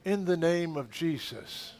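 A middle-aged man, a pastor, leading a charismatic healing prayer at a church service, fervent and commanding, swinging from loud shouted rebukes to hushed murmurs. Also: on the high side, animated, measured pace. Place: church sanctuary.

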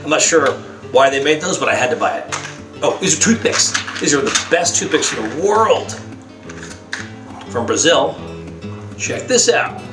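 A man hosting a cooking show, chatting excitedly, laughing and swearing as he works. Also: a little high, normal speed, pauses often, over music. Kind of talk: casual cooking demonstration. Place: kitchen studio.

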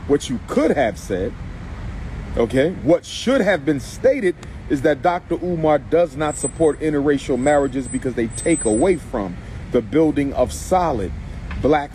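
A man with a fairly high voice delivers a preachy, impassioned monologue. He repeats his points and keeps addressing the listener as brother. Faint street and car noise runs behind him, as if he is recording outdoors. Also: a little mellow. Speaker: commentator responding to a clip.

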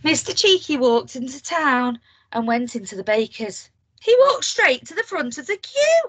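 A woman's voice: high voice, normal speed, slightly rough. A woman teacher reading a picture book aloud to young children, asking them questions as she goes. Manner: animated, asks the children questions. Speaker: primary school teacher.

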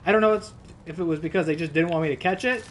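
A man's voice: on the high side, racing, a little hiss or hum. A man streaming a video game, telling a rambling, profane story in casual live-stream chat.

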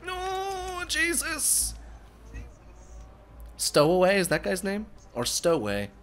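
Excitable young man streaming a game. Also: high-pitched, slow. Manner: excitable, swears a lot, yelps and laughs. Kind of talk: casual gaming livestream chat.

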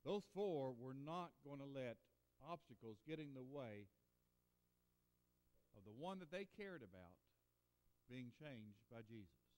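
A man preaching a Sunday sermon in a church, earnest and emphatic, moving between loud declarations and hushed lines. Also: medium pitch, lively intonation, unhurried, pauses often, long reverb tail. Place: church sanctuary.

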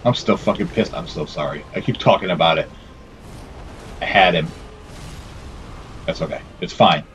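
A man's voice: low-pitched, normal speed, a bit bright, a little hiss or hum. A man giving casual let's play commentary, swearing, scolding himself and talking to the characters on screen. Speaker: gameplay commentator.

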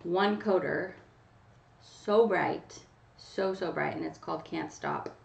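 A chatty woman from Canada hosts a live stream, talking straight to viewers by name. Her voice has a gravelly edge and sits back from the mic, in a roomy space. The sound is dull and lo-fi. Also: fairly low pitch, slow, far from the mic. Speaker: livestream host running a nail polish giveaway. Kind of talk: casual live chat to viewers.

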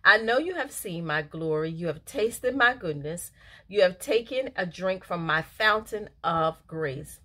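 Bright-voiced woman sharing a devotional. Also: lowish voice, animated, unhurried. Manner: earnest, emotional, laughs easily, many fillers. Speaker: devotional speaker. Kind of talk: casual devotional reading and reflection.

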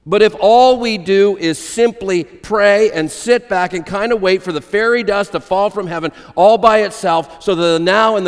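A male pastor delivering a sermon in a church sanctuary, his fairly high voice carrying with a long, ringing reverb. He speaks emphatically, repeating key phrases and weaving in illustrative stories. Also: clear, resonant tone.

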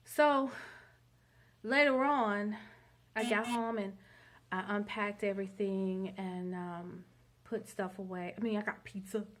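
A woman's voice: medium pitch, steady tone, takes it slowly, pauses often, fairly bright tone. Chatty woman rambling to her camera, fillers everywhere. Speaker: vlogger. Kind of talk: casual storytelling monologue.

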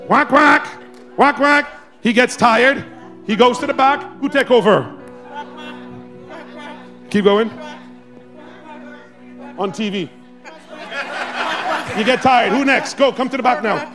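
A man preaching a sermon in a church, exhorting the congregation and swinging between loud shouts and quiet asides. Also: very high voice, slow pace, long pauses, soft background music. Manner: exhorting, calls on the congregation to respond. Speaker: pastor. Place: church sanctuary.

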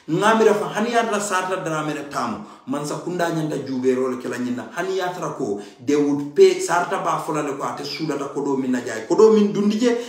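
Impassioned man in an echoey room. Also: fairly high pitch. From Gambia. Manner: emphatic, pleading, repeats key phrases. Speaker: party supporter giving political commentary. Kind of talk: impassioned political monologue.

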